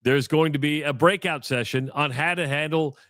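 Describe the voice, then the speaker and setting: A man's voice: on the high side, normal speed, fairly bright tone, no room sound, studio quality. A man co-hosting a sports radio show, chatting casually and joking, sometimes tripping over his words. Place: radio studio.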